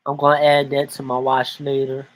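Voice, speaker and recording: A man hosting a show, casually commenting on a video and thinking out loud. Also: mid-range voice, monotone, normal speed. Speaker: host.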